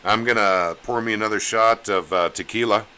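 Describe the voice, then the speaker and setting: A man's voice: on the low side, steady tone, moderate pace, bright, forceful tone, smooth. A man hosting a casual live-stream chat, plain-spoken and rallying, calling his viewers gang. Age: over 35. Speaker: podcast host.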